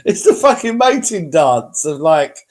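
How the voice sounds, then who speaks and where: A man's voice: on the high side, sing-song, a little slow, darkish tone. Mocking, sweary man. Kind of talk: casual chat.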